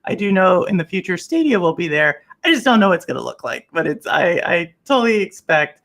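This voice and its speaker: A woman's voice: fairly low pitch, brisk. Casual gaming podcast host, woman, giggly, conversational. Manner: chatty, laughs often, animated asides. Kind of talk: casual interview chat.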